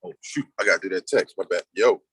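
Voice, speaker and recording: A man with a low voice hosts a casual livestream and rambles loosely, half to his chat and half to himself. His voice sits close and dry on the mic, with almost no room around it. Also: fast, a bit bright, slightly rough, no echo, low-quality recording. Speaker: livestream host.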